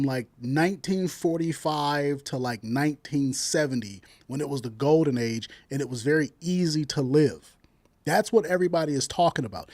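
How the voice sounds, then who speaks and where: A man's voice: fairly high pitch, a little mellow, no echo. A man from Jamaica arguing in a heated casual debate, blunt and crude, laughing at his own jokes.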